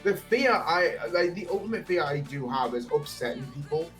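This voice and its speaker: A man's voice: a little high, expressive, moderate pace, fairly bright tone, faint music behind. A young man chatting casually on a stream, rambling through stories and swearing often. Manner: rambling, swears a lot, laughs at his own stories.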